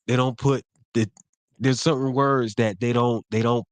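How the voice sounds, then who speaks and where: A man's voice: medium pitch, steady tone, unhurried, no room sound. A man hosting a podcast in casual chat, easygoing and brushing off his co-host's teasing. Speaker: podcast host.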